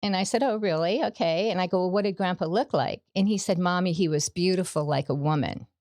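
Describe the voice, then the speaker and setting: A middle-aged woman gives a personal testimony as a podcast guest, earnest and story-driven. Her voice sits a little low. The sound is dry and close. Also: a little fast, a little mellow, dry recording. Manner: earnest storytelling, acts out quoted dialogue.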